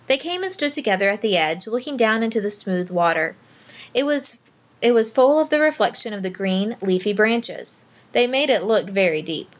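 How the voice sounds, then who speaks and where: A woman narrating a children's storybook aloud in a gentle, measured way. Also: mid-range voice, expressive, muffled recording. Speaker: audiobook narrator.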